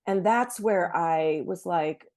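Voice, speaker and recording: A woman's voice: on the low side, takes it slowly, darkish tone. Earnest woman telling a heartfelt story. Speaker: podcast guest. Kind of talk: casual Christian podcast conversation.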